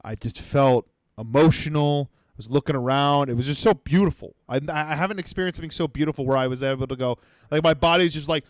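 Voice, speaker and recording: Young guy comedy podcast rant, annoyed and sweary, smooth voice, dry close mic. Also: on the high side, fairly even intonation, fast talker, few pauses, dry recording. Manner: exasperated, profane, swings between mumbling and shouting. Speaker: podcast host.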